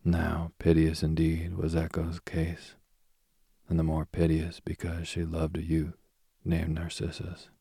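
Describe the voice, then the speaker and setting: Slow, deep, husky male reader for an old myth; soft, half-whispered delivery. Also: monotone, no echo, clean studio sound. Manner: soft, often dropping to a whisper. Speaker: storyteller. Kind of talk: reading a myth aloud.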